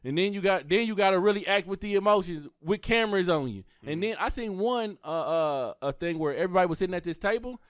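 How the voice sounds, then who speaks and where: A man co-hosting a podcast, telling animated stories in casual slangy chat. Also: high voice, fast, few pauses, smooth, no room sound, studio quality. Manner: animated storyteller, slangy, laughs often. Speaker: podcast co-host.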